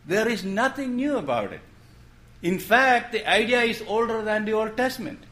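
A man preaching a sermon in a gentle storytelling way, posing questions and then dropping his voice to make a point. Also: sits high, lively intonation, moderate pace. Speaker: pastor.

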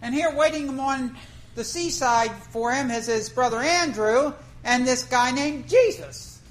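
A woman preacher with a high voice and measured pace tells a fishing story in a storytelling sermon, keeping it folksy and conversational and posing questions to the congregation. The recording is rough.

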